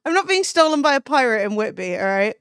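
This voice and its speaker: A woman's voice: high-pitched, very animated, quick pace, smooth, no echo, studio quality. A young woman live-streaming, chatting casually with her chat, swearing freely and laughing often.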